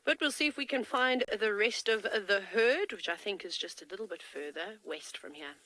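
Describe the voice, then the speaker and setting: A woman's voice: mid-range voice, lively intonation, moderate pace, sharp tone, low-quality recording. A woman safari field guide giving chatty, enthusiastic live commentary from a game-drive vehicle, with a tickle in her throat. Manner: chatty and enthusiastic, talks to kids.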